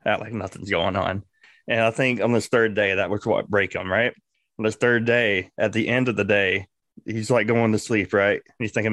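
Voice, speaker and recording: A man co-hosting a podcast, telling a crude, animated comic story full of profanity. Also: on the low side, moderate pace, dry recording, clean studio sound. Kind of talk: casual comedic storytelling.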